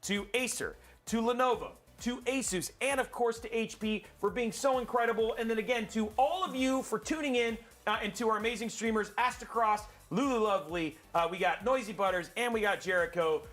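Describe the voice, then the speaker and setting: A man's voice: high voice, a little fast, hardly any pauses, a bit bright, faint music behind. A man hosting a gaming livestream, upbeat and promotional, joking between announcements. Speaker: show host.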